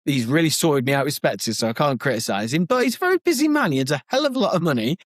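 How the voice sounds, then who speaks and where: A man co-hosting a podcast, telling an anecdote in an excitable, animated way. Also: fairly high pitch, rapid-fire, dry recording, studio quality. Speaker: podcast co-host. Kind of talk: casual anecdote-telling chat.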